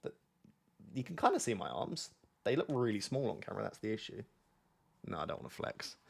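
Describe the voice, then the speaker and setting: A man's voice: on the low side, big pitch swings, a little fast, vocal fry, breathy edge. A young man hosting a livestream in casual chat, laid-back and joking, rambling with lots of fillers. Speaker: livestream host. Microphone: on a mic near the camera.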